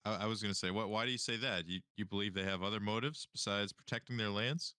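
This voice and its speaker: A male player speaks in character in a halting way, stumbling and restarting often. His voice is very deep yet bright and smooth, recorded dry. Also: dry recording. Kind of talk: role-playing a character at a tabletop game.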